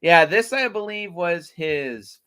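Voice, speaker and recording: A man co-hosting a casual movie review chat, with a lively voice that moves up and down a lot. He works through his critique point by point in a measured way. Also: sits high, clean tone. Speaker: podcast co-host.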